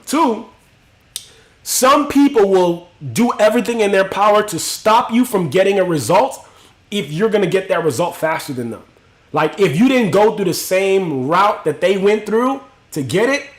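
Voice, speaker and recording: A young male livestream host chats with his audience in a loose, profane, slang-heavy way. His voice sits high for a man. It rings with the echo of the room. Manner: animated, profane, street slang. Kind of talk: casual storytelling to live chat.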